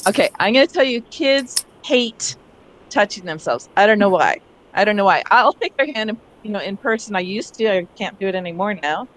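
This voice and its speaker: A woman leading an online teacher workshop over a video call, animated and demonstrating sounds herself. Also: mid-range voice, a little fast, slight background noise. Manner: animated, acts out calling for help. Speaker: teacher trainer.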